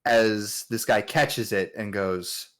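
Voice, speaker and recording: A man runs a tabletop game in a loose, rambling way, full of "like"s. His voice sits low, and he takes his time. The narration drifts along casually. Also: takes it slowly. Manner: relaxed, filler-heavy narration with many "like"s. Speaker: game master.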